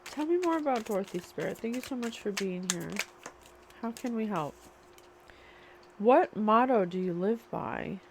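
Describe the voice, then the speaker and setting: A woman's voice: mid-range voice, lively intonation, moderate pace, long pauses, a little mellow, a little hiss or hum. A woman channeling a spiritual reading, musing and questioning aloud as she asks spirit for answers. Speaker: psychic reader.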